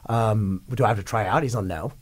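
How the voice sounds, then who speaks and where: Give me a low-voiced, excitable man, a rock singer, telling rambling stories in a radio studio. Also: a little fast, slightly rough. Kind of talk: casual storytelling interview.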